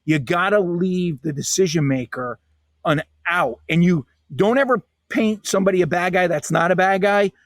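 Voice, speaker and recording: New guy on a podcast, punchy and emphatic, high voice, dry sound. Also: moderate pace, no room sound. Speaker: guest author. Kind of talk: animated podcast interview.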